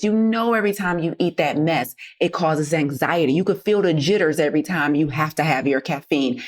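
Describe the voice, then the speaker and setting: A woman hosting a motivational health podcast, talking to listeners in a sassy, direct, preachy way. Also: low-pitched. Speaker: podcast host and health coach. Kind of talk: motivational solo podcast talk.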